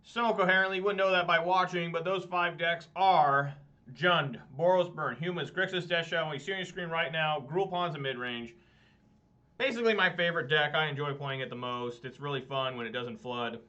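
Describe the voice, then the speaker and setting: Guy streaming a card game, rambly, kinda self-deprecating, voice a bit high, muffled cheap mic. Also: a little fast, pushed and bright. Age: adult, married. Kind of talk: casual gameplay commentary. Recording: dull lo-fi mic.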